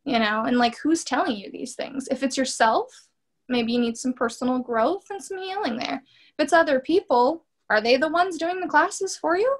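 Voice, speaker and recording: A woman in her thirties, a doctoral student and therapist, speaking as an interview guest in an earnest, animated way with plenty of fillers. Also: high-pitched, moderate pace. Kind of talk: candid conversational interview.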